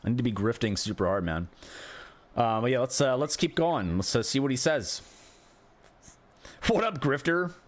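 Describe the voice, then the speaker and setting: Male streamer, casual rant, animated intonation, asks rhetorical questions. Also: mid-range voice, moderate pace, long pauses. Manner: frustrated ranting, rhetorical questions, swearing. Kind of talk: casual live-stream commentary.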